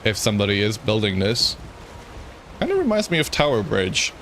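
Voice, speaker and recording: A man's voice: on the low side, huge pitch swings, moderate pace, a bit bright, a little hiss or hum. A man streaming a game, giving rambling, self-mocking commentary and chuckling often. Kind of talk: gameplay commentary.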